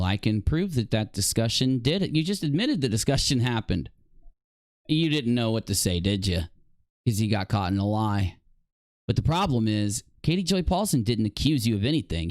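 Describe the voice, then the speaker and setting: A man's voice: medium pitch, very animated, moderate pace, dry recording, clean studio sound. A man hosting an online commentary video, confronting his opponent directly in a mocking, combative way. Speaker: commentary host.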